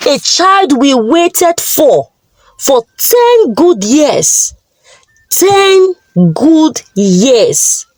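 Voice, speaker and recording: A woman's voice: high voice, big pitch swings, extremely slow, darkish tone, dry recording, exaggerated voice. A woman voicing an angry father. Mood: grieving. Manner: scolding, wailing. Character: angry grieving middle-aged father.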